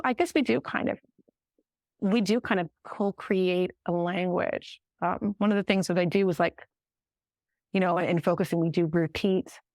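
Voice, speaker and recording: Woman, podcast guest, animated, rambling, lots of fillers, lower pitch, dry sound. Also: dry recording. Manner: animated, fast-flowing, many fillers, acts out clients' words. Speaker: guest somatic therapist. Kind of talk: casual interview chat.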